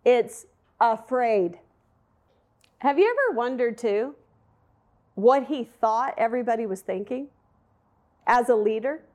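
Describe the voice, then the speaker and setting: High-voiced woman teaching scripture. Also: expressive, normal speed, long pauses, darkish tone. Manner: candid, conversational, asks the audience questions. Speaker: Bible teacher. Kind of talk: sermon.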